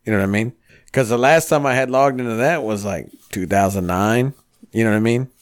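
A podcast host in his thirties speaks with a smooth, medium-pitched voice at a slightly fast pace. He hosts casually, telling long, rambling stories packed with swearing.

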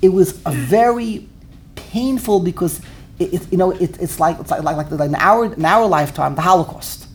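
Gravelly man lecturing, stammering repeats. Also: high-pitched, normal speed, a little hiss or hum. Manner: animated, repeats words while searching for phrasing. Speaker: Torah teacher. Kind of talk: classroom Torah lecture.

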